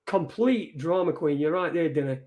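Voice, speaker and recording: A man's voice: fairly high pitch, lively intonation, moderate pace, a little mellow. A man hosting an online show, swearing and mocking as he reads out messages. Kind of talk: casual live-stream rant.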